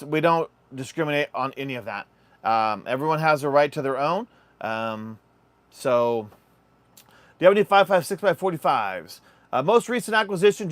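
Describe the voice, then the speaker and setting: A man's voice: on the high side, no echo. Chatty man hosting a livestream. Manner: relaxed, chatty, addresses viewers as y'all. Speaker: livestream host. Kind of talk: casual livestream chat.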